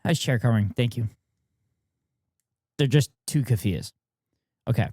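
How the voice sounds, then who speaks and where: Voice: mid-range voice, measured pace, dark tone, no echo, clean studio sound. A streamer reacting to a debate video with exasperated, profane, incredulous commentary.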